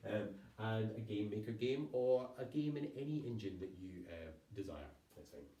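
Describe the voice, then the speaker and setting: A man's voice: lowish voice, lively intonation, moderate pace, mellow, recorded from a distance. A man giving a recorded university lecture, rambling with self-corrections and wry asides. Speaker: university lecturer, program leader. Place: room by a town hall. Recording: echoey room, voice off-mic.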